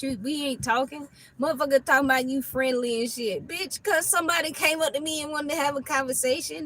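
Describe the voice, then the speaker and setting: A woman's voice: high voice, a bit bright, poor audio. A woman tarot reader ranting in a casual reading, blunt and profane, laughing often between lines.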